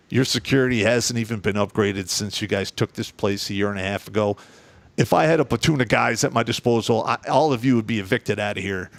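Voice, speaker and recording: A man's voice: medium pitch, no echo. A middle-aged man telling profane, blunt stories from his army years in a casual chat. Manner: profane, blunt, animated storyteller. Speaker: guest telling war stories.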